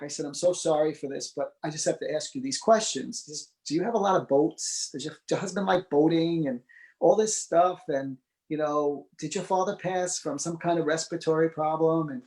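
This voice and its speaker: Male interview guest, slightly high voice, lively storyteller who acts out the people he quotes. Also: low-quality recording. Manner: animated, acts out quoted dialogue. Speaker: psychic medium guest.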